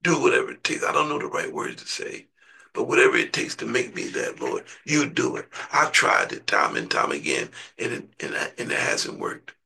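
Gravelly, impassioned male preacher. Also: medium pitch, very animated, normal speed, recorded from a distance. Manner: impassioned, surging from hushed to shouting. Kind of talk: sermon with prayer.

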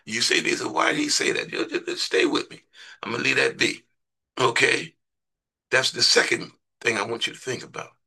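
A man's voice: medium pitch, steady tone, moderate pace, vocal fry, bright, forceful tone, slightly rough. A man preaching a sermon in a conversational way, repeating words and putting questions to his listeners.

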